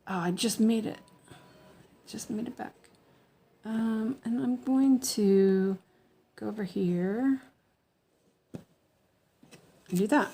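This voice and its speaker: Slow, rambling woman stitching on stream. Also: a little high, dark tone, breathy edge. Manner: rambling, many fillers and restarts. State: slightly lispy from medicine. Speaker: cross-stitch livestreamer. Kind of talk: casual livestream chat while stitching.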